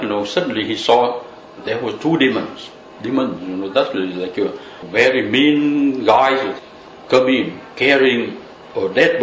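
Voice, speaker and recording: Chatty man giving a dharma talk. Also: fairly low pitch. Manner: loose, conversational, many "you know" fillers. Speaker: Buddhist teacher. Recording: echoey room with faint noise.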